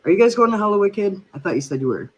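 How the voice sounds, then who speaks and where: A man's voice: high-pitched, big pitch swings, fast talker, husky. A man hosting a casual live stream chat, talking loosely and reading out viewer comments. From Midwest US. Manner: chatty, reads out viewer comments.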